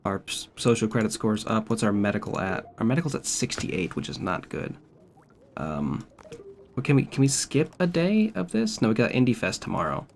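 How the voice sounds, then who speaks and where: A man's voice: fairly low pitch, sing-song, normal speed, creaky, a little hiss or hum. Laid-back, swearing male streamer. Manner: profane, wry and laid-back. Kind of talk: casual gameplay commentary.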